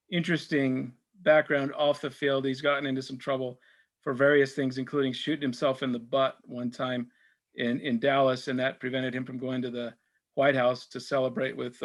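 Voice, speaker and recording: Middle-aged guy rambling thru sports stories, lots of ums and restarts, casual q&a talk. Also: medium pitch. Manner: rambling, full of fillers and restarts; tells anecdotes, acts out quoted exchanges. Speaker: sportswriter speaking at a church supper.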